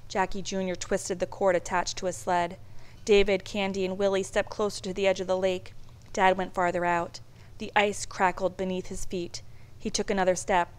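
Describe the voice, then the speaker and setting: A woman reads a children's picture book aloud in a lively, expressive way. Her voice sits at a middle pitch and moves from hushed passages to loud ones. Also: smooth. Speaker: storybook reader.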